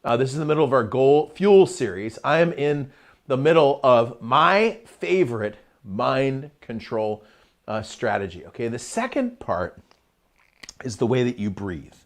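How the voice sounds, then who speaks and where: A middle-aged man talks energetically on a live stream, his pitch swinging widely as he builds up to a point and then drops back down. He sounds chatty and relaxed, breaking off to greet viewers in the chat. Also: a little slow. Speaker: host of a live motivational show. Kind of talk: live-streamed motivational talk.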